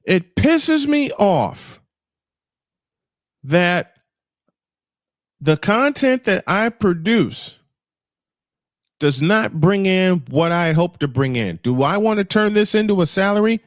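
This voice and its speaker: A man's voice: high-pitched, sing-song, slow, long pauses, no room sound, studio quality. A man in his fifties venting in an emotional personal monologue, angry and frustrated, swearing and repeating himself for emphasis. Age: 50s. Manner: angry, frustrated, profane outbursts; emphatic repetition. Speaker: livestream host. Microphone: camera off, voice only.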